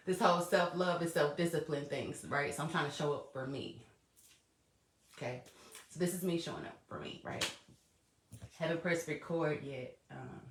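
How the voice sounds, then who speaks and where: A woman's voice: sits low, steady tone, moderate pace, pauses often. A woman hosting her own podcast alone, chatting casually and laughing often, swearing freely and talking straight to her listeners. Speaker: podcast host. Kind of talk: casual solo podcast monologue. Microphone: laptop or voice memo recording. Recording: echoey room.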